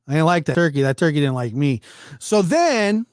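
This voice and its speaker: A man doing a comic storytelling monologue, acting out characters with sudden jumps in pitch. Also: big pitch swings, normal speed, a little mellow, clean tone, no room sound, clean studio sound. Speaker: stand-up comedian.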